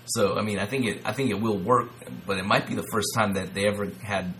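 A man co-hosting a casual podcast, talking in a measured, low-key way with some stammering. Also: steady tone, a bit bright, a little hiss or hum, poor audio. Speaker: podcast co-host. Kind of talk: casual wrestling podcast chat.

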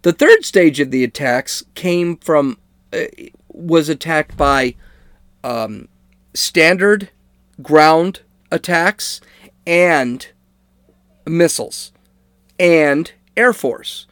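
A man's voice: fairly high pitch, drawn-out words, pauses often, fairly bright tone, smooth, no echo. A man giving casual spoken commentary on current events, conversational, checking in with listeners with "okay?" and correcting himself as he goes. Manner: conversational, fillers and restarts, asks "okay?" to listeners. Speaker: political commentator.

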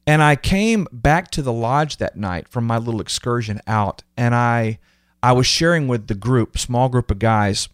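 A man's voice: medium pitch, moderate pace, clean tone, dry recording, studio quality. A man hosting a podcast, telling personal stories in an earnest, emotional, casual way and acting out what others said to him. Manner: earnest, emotional, animated retelling of quotes. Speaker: podcast host. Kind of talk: casual conversational storytelling.

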